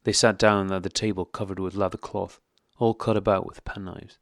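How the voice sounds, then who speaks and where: Male narrator, low voice, dry close sound, calm classic-novel audiobook read. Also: moderate pace, no room sound.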